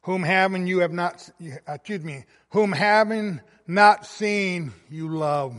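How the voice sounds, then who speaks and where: A man preaching a sermon, reading scripture and stressing words with rising passion, swinging between soft and loud. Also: high-pitched, slow pace. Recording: long reverb of a hall.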